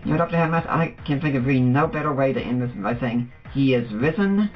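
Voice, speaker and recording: A man hosts a podcast and closes the episode in a friendly, plain manner. His voice sits at middle pitch on dull, lo-fi audio, and faint music plays behind him. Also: rapid-fire, recorded from a distance. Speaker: podcast host. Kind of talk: podcast interview.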